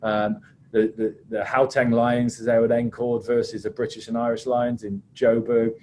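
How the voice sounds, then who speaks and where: A man, a rugby referee, telling anecdotes in a chatty, halting way on a video call. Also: medium pitch, little pitch movement, a little mellow, slight background noise. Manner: chatty, hesitant with many restarts. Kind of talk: anecdotal storytelling on a webinar.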